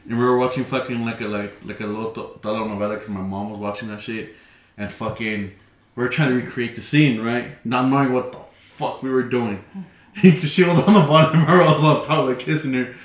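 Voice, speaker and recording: A young man chats on a podcast, telling stories full of swearing and laughter. His voice sits at an ordinary middle pitch, and the room echoes around him. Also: a little fast. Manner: profane, laughing storyteller. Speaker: podcast co-host. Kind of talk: casual chat.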